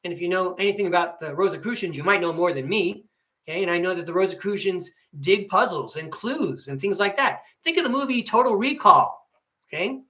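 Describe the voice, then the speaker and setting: A man's voice: sits high, lively intonation, fairly quick, bright, forceful tone. An older man hosting a tarot podcast. He talks in a meandering live-stream monologue and keeps checking in with listeners by asking "okay?".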